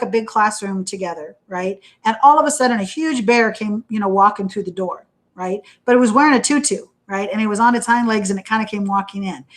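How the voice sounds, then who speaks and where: A woman giving a recorded university lecture in a conversational way, asking "right?" after almost every point and acting out panicked inner voices to make examples vivid. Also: fairly high pitch. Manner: conversational, checks in with "right?" constantly.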